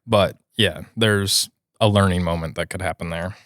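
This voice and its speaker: Low-voiced man reading a post aloud. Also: steady tone, normal speed, fairly bright tone, no room sound, clean studio sound. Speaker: podcast co-host reading stories. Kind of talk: reading a post aloud, then casual chat.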